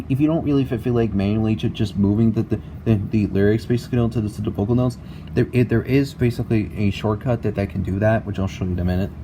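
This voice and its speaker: A young man explaining a music game tutorial in a halting way, repeating words and filling with "basically" and "like", recorded on a laptop mic at home. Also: fairly low pitch, background noise. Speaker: tutorial maker. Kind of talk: casual screen-recorded tutorial.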